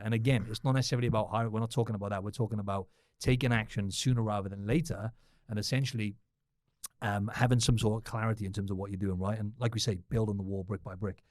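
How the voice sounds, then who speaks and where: A man's voice: on the low side, fairly even intonation, quick pace, a little mellow, dry recording. A man hosting a podcast in a chatty, matey way, often checking in with "right?" and "you know what I'm saying?". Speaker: podcast host. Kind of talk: casual podcast conversation.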